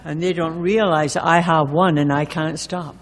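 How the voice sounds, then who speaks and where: A woman's voice: low-pitched, fairly even intonation, moderate pace. A woman telling her recovery story to a group, candid and wry, with self-mocking humor. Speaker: recovering alcoholic sharing at a meeting. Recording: echoey meeting hall recording.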